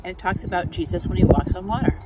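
A lay reader reading scripture aloud in a steady, plain manner. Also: mid-range voice, fast. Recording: loud traffic noise behind.

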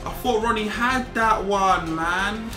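A young man commentating his own football video game, animated and easily exasperated, full of slang. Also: sits high, slow. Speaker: gaming YouTuber. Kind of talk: excitable gameplay commentary. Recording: roomy sound with game music. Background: video game music and sound.

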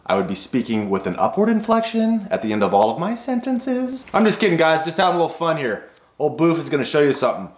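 A man's voice: mid-range voice, close to an everyday voice. Man doing a boastful bearded show-off, third-person bragging, comedic vlog bit, roomy echo. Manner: brags about himself in the third person. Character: boastful bearded man who calls himself by name.

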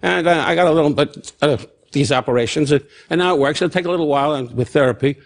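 A man in his eighties, a guest comedian on a talk show, firing off mock insults and quickly taking them back. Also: fairly high pitch. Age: 80s. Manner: rapid jabs, mock insults, then quick take-backs. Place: TV studio before live audience. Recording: TV broadcast with loud audience laughter and noise.

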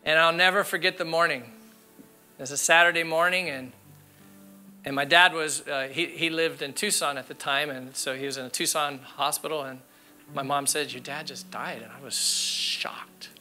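Man, pastor, sermon, bright ringing voice, earnest storytelling, faint music behind. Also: fairly high pitch, fairly even intonation, moderate pace. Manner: earnest, candid storytelling with emphatic repetition. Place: church sanctuary.

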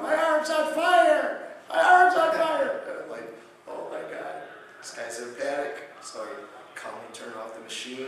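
Male speaker at a conference, animated story-led lecture, recorded from across a reverberant hall with faint room noise. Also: medium pitch. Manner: animated storyteller, acts out patient quotes loudly. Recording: echoey hall, distant mic.

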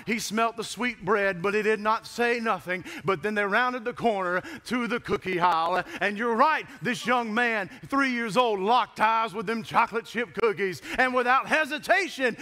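A preacher delivers a sermon from the pulpit in a high, bright voice. He tells a story and builds each point with emphasis. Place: church pulpit.

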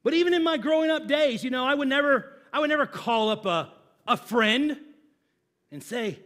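A man's voice: very high-pitched, lively intonation, moderate pace, a bit bright. A middle-aged man, a pastor, preaching a sermon in a church with a humorous, conversational storytelling manner.

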